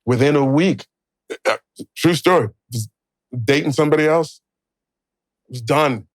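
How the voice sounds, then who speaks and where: A man in his thirties co-hosting a podcast, telling a story in a lively way and acting out the quoted lines. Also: a little high, a little slow, no room sound. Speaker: podcast co-host. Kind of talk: casual storytelling.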